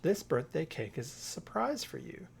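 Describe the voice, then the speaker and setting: A man reading a storybook aloud, voicing a patient mother bear who gently teases her cub. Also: on the high side, big pitch swings, normal speed, gravelly, a little hiss or hum. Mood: gentle.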